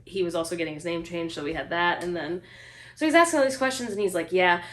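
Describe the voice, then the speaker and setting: A woman vlogger chatting casually, telling a story full of fillers and quoting people in a higher voice. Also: fast. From United States. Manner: chatty, lots of fillers, mimics other speakers with a higher voice.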